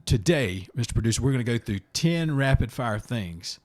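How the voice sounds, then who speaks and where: A man talks casually as a podcast host, with a voice of ordinary middle pitch for a man. He rambles, stumbles and repeats himself, then lands blunt, animated opinions. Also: normal speed. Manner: rambling, self-interrupting, repeats words.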